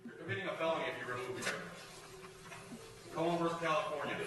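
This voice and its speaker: In a self-filmed confrontation in a county meeting room and hallway, a man combatively challenges officials, citing laws and court cases. His voice is fairly high and quick, and the audio is echoey and distant, with music in the hall.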